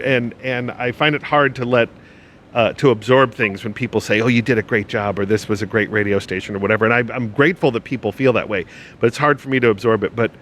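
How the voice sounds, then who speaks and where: A man on a podcast, a former radio programmer, reminiscing in casual chat with many halting restarts, at times choked up. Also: medium pitch, fairly bright tone, slight background noise.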